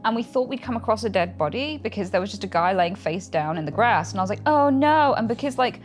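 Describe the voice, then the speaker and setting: Animated British woman telling stories. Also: medium pitch, fast talker, faint music behind. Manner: animated storytelling, acts out quotes, laughs often. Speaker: interview guest, streamer. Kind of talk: casual interview chat.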